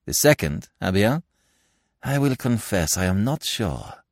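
A fussy, self-assured older Belgian detective , as a male narrator puts him on, lecturing with precise logic and brushing off sentiment. The voice sits deep and swings widely in pitch. It is recorded dry and close. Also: very animated, a little slow, dry recording. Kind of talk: audiobook character reading.

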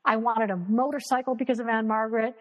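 Talking fast in a fairly high voice, a woman guest on a video call tells stories for a casual interview, animatedly acting out quoted voices and swearing freely. The recording is muffled with a big-room sound.

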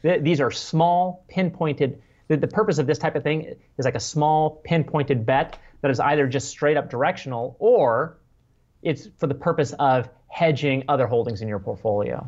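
A man's voice: fairly high pitch, normal speed, darkish tone. A man co-hosting a podcast, talking earnestly and often restarting his sentences. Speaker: podcast co-host. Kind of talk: casual chat. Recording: dull lo-fi audio.

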